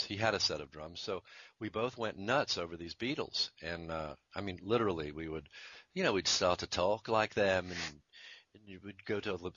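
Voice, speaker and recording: A very low-pitched man in his fifties tells stories in an easygoing interview, chuckling and doubling back on himself as he goes. His voice has a bright, forceful edge. The recording is dry and a little dull. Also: dry recording. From Virginia, USA. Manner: rambling, chuckling, self-interrupting. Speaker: jingle composer and musician. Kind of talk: conversational interview storytelling.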